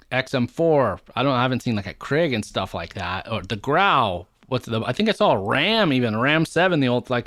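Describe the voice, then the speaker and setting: A man co-hosting a gaming podcast, chatty and rambling as he runs through loadouts. His voice sits at a middle pitch. The recording is dry and close. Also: a bit bright, no echo. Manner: chatty, rambling, lists weapons at length. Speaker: podcast co-host. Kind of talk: casual gaming podcast chat.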